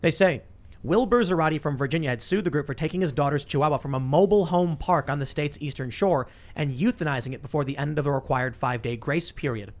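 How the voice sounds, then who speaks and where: A man hosting a podcast panel, telling stories in a rambling, quick way with many restarts. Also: fairly high pitch. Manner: fast, rambling storytelling with restarts. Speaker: podcast host. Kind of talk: casual panel talk.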